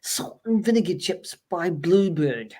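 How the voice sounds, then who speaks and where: A man's voice: sits high, animated, unhurried, a little mellow. A man on a video call panel, teasing the others in a playful casual chat.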